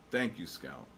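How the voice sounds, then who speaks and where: A male stream host of middling pitch rambles in loose, joking talk, answering chat between market calls. A faint hum of ambience sits behind him. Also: gravelly, sharp tone. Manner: rambling, jokey, answers chat while watching charts. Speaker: livestream host. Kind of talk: casual live market commentary.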